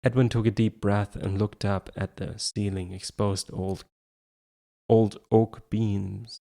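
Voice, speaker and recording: A man with a low voice reads a story aloud as an amateur audiobook narrator. He often trips over words and restarts them, carrying on steadily. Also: flat delivery, takes it slowly, gravelly, dark tone. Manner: stumbles and restarts words, self-corrects. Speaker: audiobook reader.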